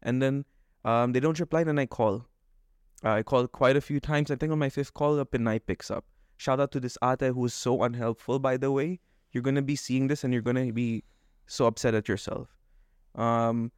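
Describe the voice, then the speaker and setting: A man's voice: medium pitch, steady tone, moderate pace, darkish tone, clear, resonant tone, no echo, studio quality. A man co-hosting a podcast, ranting with agitation about a bad purchase, acting out quoted back-and-forth exchanges. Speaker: podcast co-host. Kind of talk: casual podcast rant.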